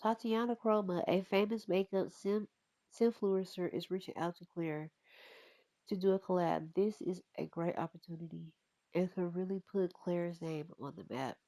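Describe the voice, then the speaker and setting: A woman's voice: on the low side, steady tone, normal speed, warm tone, no echo. A woman chatting casually to viewers as she narrates her life-sim gameplay. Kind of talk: casual let's-play commentary.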